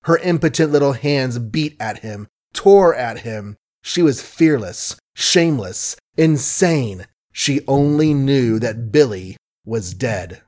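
A man reading a novel aloud in measured, wry narration, with asides to the listener. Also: mid-range voice, animated, darkish tone. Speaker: audiobook narrator. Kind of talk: scripted literary narration.

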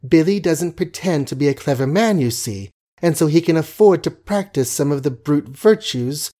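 A man's voice: fairly high pitch, expressive, warm tone, voice pushed up, natural voice. A man voicing a defiant young society woman. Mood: bitter. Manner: eager, quick and defiant. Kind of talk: audiobook reading.

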